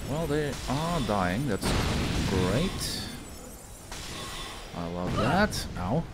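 A man from Austria commentating his own gameplay as a gaming YouTuber, swearing, yelling at enemies and laughing at his own mistakes. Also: mid-range voice, sing-song, very slow, loud music behind the voice. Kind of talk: let's play commentary.

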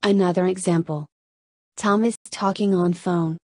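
A woman teacher narrating a scripted lesson, reading slowly and carefully and addressing her students. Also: on the low side, fairly even intonation, a little mellow, no room sound.

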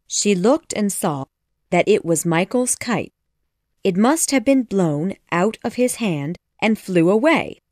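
A woman reading a storybook aloud as an audiobook narrator, in expressive, measured scripted narration. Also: medium pitch, no room sound, studio quality.

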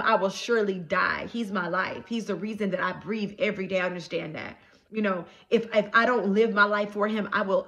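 A woman's voice: medium pitch, a bit bright. A woman prophetess giving a personal religious testimony to her viewers, speaking earnestly, repeating herself, and often checking that they follow.

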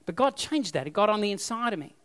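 A man's voice: high voice, very animated, quick pace, long reverb tail, noisy background. An Australian man preaching a sermon as pastor, emphatic and repeating his key phrases.

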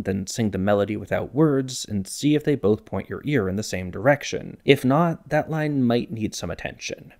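A man giving scripted explanatory narration about songwriting, clear and measured with a lightly wry touch. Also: mid-range voice, a little mellow. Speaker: music video essayist.

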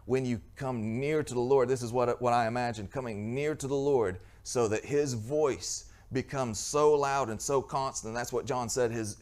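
A man's voice: medium pitch, a little mellow. A man preaching a sermon as pastor, earnest, with frequent restarts and rhetorical questions to the congregation.

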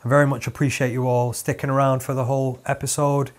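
A man's voice: medium pitch, little pitch movement, fast. A young man hosting a podcast, rambling and joking with lots of fillers and restarts. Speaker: podcast host. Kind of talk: casual podcast chat.

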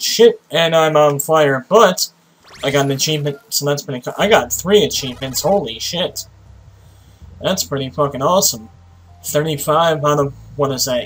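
A tired young man giving casual, profane commentary while playing a game, with sudden excited outbursts. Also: fairly high pitch, slight background noise, low-quality recording. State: tired, sleepy voice. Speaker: let's play host.

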